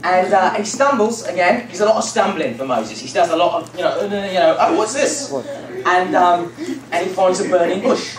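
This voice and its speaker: A man's voice: sits high, brisk, a crowd in the background. A young man retelling a Bible story to a youth group in a casual, rambling, joking way with lots of fillers. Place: church youth room. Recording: echoey room from far off, noisy.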